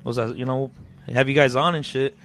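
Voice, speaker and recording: A man's voice: mid-range voice, fairly even intonation, fairly quick, fairly bright tone. A man hosting a casual podcast from a studio, laid-back and full of swearing, now and then slipping into Spanish. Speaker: podcast host. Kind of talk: casual chat.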